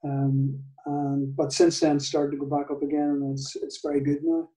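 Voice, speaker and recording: An older man with a Northern Irish accent, telling a story in an interview, halting, with many restarts and soft laughs. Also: fairly high pitch, flat delivery, far from the mic. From Northern Ireland. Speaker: guitar maker, guest. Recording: echoey room, off-mic.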